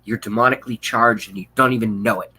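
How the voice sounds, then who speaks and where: A man's voice: lowish voice, steady tone, quick pace, pushed and bright, husky, poor audio. A man hosting a livestream, delivering an angry, profane political rant with contempt. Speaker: livestream host.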